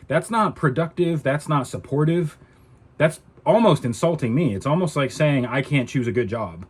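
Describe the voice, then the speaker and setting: A man's voice: fairly high pitch, animated, normal speed, slightly rough. A man ranting to camera in a casual vlog, indignant and exasperated. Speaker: vlogger.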